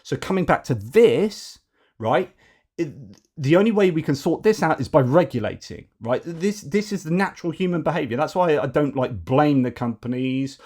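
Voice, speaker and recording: A man's voice: fairly high pitch, expressive, moderate pace, a little mellow, slightly rough. Man giving digressive, opinionated news commentary. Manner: digressive, argumentative, many fillers and restarts.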